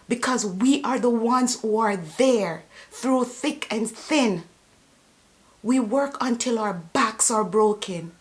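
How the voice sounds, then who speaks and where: Woman, support worker, slow and fed-up rant straight to camera, high-ish voice. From immigrant to Canada. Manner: indignant, emphatic, repeats for emphasis. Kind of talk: impassioned political rant to camera.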